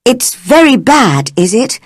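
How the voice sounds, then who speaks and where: A woman's voice: big pitch swings, extremely slow, fairly bright tone, dry recording, clean studio sound, exaggerated voice. A woman voicing a worried young mother in a storybook reading. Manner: anxious, high-strung.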